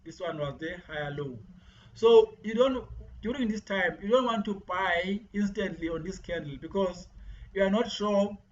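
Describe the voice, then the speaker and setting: A man's voice: sits high, moderate pace. A man giving a screen-share trading tutorial, often repeating words and restarting his sentences. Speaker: forex trading teacher. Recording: dull lo-fi mic with faint hiss.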